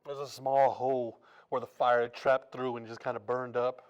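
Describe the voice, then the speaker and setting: A man giving his testimony during a church service, telling his story in a casual, folksy way and swinging between loud and hushed as he acts out each scene. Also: mid-range voice, little pitch movement, moderate pace, lo-fi sound.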